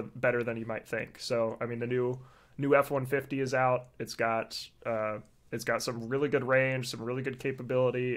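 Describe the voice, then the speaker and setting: A man co-hosting a podcast who explains things in a relaxed, casual way, with plenty of fillers. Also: mid-range voice. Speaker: podcast co-host. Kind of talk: casual chat.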